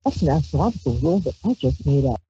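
A Brooklyn woman with a low, mellow, husky voice talks fast and very animatedly while hosting a psychic call-in radio show, reading tarot on a handheld mic. She's rambling, chatty and playful, letting out squealed exclamations. The dry recording sounds like dull lo-fi stream audio.

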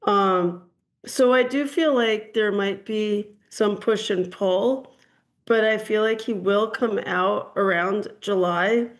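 A woman's voice: medium pitch, slow pace. A woman hosting a call-in show as a psychic reader, talking in a chatty, meandering way with frequent ums. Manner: chatty, hedging, frequent ums and "I'm getting". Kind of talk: casual call-in reading.

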